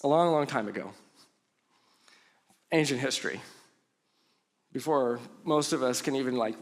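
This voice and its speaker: Speaking at a moderate pace in a medium-pitched voice, this pastor preaches conversationally. Humorous asides run through his storytelling, and he goes hushed when he wants emphasis.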